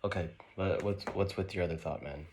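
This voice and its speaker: A man's voice: deep voice, steady tone, a little mellow, a little hiss or hum, close to an everyday voice. A man playing a pair of young college bros in a skit, trading slangy banter full of "bro" and "man.". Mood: joking banter. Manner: laid-back, drawn-out "bro" and "man" slang.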